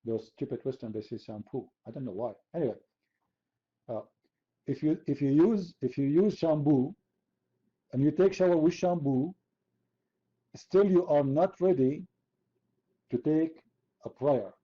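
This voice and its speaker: A man's voice: fairly high pitch, a little slow, pauses often, slightly rough, muffled recording. A man from the Middle East, hosting an online chat room debate in a sarcastic, mocking, argumentative way. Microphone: computer mic.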